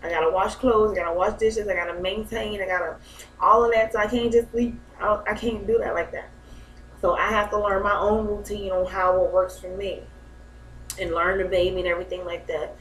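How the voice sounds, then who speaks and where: A woman's voice: mid-range voice, fairly even intonation, fairly quick, a bit bright, a little hiss or hum. A young mother, talking about her new baby in a heartfelt, rambling way and often laughing. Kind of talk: emotional personal vlog. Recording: echoey room, mic a bit far.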